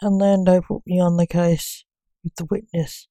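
A woman's voice: fairly low pitch, flat delivery, moderate pace, mellow, dry recording, natural voice. A woman voicing a scared young male magician, the reaper king's son, speaking timidly and reluctantly.

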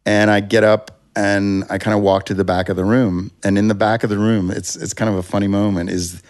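A man's voice: fairly low pitch, level tone, a little fast. A man, a music producer, telling a long story in a casual interview, rambling and restarting, acting out what people said. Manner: rambling, self-interrupting, acts out quotes.

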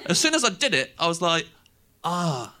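On stage, this young man from England rattles through a long self-mocking story at a quick pace in his high voice and English accent. He's animated and laughs through lines, with a little hiss or hum in the audio.

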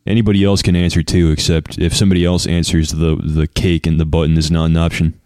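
Give me a deadpan man with a very deep voice, recorded dry and close, on a podcast. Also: quick pace, dry recording. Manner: deadpan, poses absurd dilemma questions. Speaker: podcast co-host. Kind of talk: casual chat.

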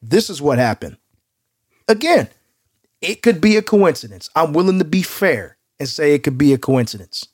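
A man co-hosting a podcast in casual chat, animated and joking. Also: on the high side, slightly rough. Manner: animated and joking, quick to laugh. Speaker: podcast co-host.

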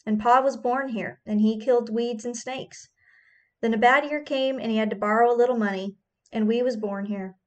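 A woman's voice: on the high side, steady tone, moderate pace, close to an everyday voice. A woman reading the lines of desperate poor tenant farmer men, pleading and urgent in her own voice. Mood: defiant.

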